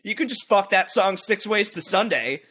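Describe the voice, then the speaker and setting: Animated high-voiced man rambling. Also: normal speed, husky. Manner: rambling, animated, breaks into sung and shouted bits. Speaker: podcast co-host. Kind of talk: casual podcast banter.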